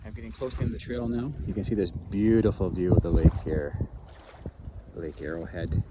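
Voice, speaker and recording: A very low-voiced man from Canada rambles casually about what he sees as he walks an outdoor lakeside trail. It is a dull, lo-fi handheld recording. Loud outdoor noise sits under his voice throughout. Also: steady tone, fairly quick. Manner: rambling, chatty, narrates what he sees while walking. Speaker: hiking vlogger. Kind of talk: casual walking commentary.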